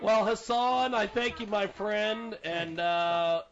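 Radio host, male, high and lively, bright tone; lo-fi radio sound. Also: slow. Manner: laughing, relaxed sign-offs, spells out web addresses. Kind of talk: casual radio chat and live ad reads.

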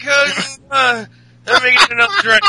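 A man voicing a drunk, crude Irish wrestler in a mock Irish accent, slurring and shouting. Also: very high-pitched, animated, moderate pace, noisy background, pitched above the performer's own voice. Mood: drunk ranting.

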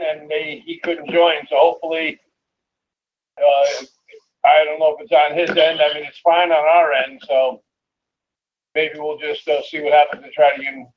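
A man's voice: fairly high pitch, muffled recording, a little hiss or hum. A man co-hosting a casual wrestling review show, talking hesitantly with lots of fillers. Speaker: podcast co-host.

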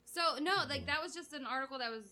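A woman co-hosting a podcast in casual chat, animated and laughing often. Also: sits high, fast. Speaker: podcast co-host.

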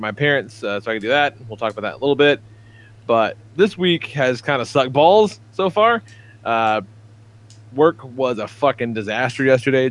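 A man's voice: medium pitch, no room sound. A man in his thirties telling rambling, profane stories on a casual podcast. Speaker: podcast co-host.

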